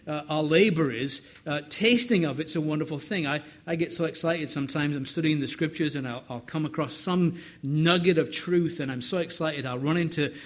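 A man's voice: a little high, normal speed, few pauses. A middle-aged man preaching a sermon in an earnest, conversational way, often repeating words as he builds up.

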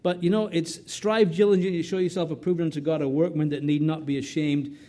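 A middle-aged man from North America delivers an expository sermon in a warm, mellow voice that sits a little high for a man. He presses his points with rhetorical questions and tags like "right?". He often repeats himself and restarts words. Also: fairly even intonation, a little fast. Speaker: preacher.

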